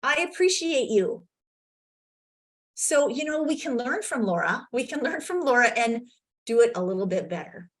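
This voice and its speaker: A woman coach giving an energetic virtual conference talk, telling client stories and acting out their lines, on a video call. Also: fairly high pitch, normal speed. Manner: energetic storytelling, acts out client's quotes.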